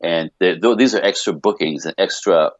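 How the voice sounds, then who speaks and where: A man, a podcast guest, telling a long personal story in an animated, rambling way full of restarts. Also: low-pitched, normal speed, dry recording, dull audio. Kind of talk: casual podcast conversation.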